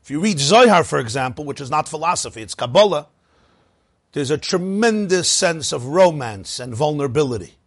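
A man teaching a lively Torah class, asking rhetorical questions and chuckling at his own points. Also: on the high side, a little fast, husky, dry recording.

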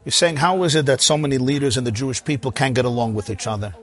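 A man preaching, telling a story in an animated, conversational way with frequent asides. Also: mid-range voice, quick pace. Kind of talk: sermon storytelling.

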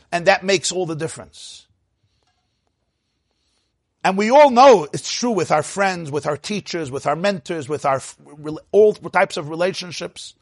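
A man giving a sermon, telling stories in an expressive way and mixing in Yiddish and Hebrew phrases. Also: fairly high pitch, no room sound, studio quality. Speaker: rabbi. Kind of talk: sermon with storytelling.

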